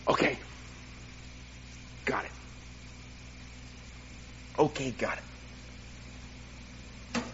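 An older man preaching a sermon, telling a personal story with self-deprecating humor and animated delivery. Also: extremely slow, pauses often, lo-fi sound, a little hiss or hum. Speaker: pastor.

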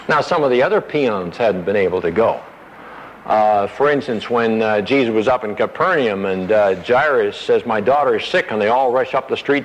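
A man teaches through a Bible passage, verse by verse, and at times acts out the disciples' words in a higher, pleading voice. The sound is a dull radio broadcast with a long reverb trailing behind him.

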